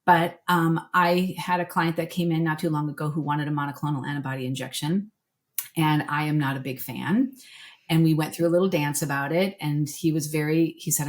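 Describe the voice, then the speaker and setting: A woman's voice: deep voice, steady tone, fairly quick. A middle-aged woman veterinarian, a guest on a podcast, telling candid stories and getting emotional as she talks. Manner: candid, emotional storyteller, voice dropping softly when moved. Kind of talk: conversational podcast interview.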